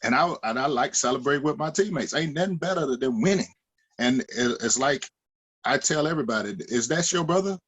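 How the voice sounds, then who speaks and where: A former linebacker, talking emphatically in a roundtable chat and jumping higher in pitch when he acts out other people. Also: fairly quick, a bit bright, slightly rough.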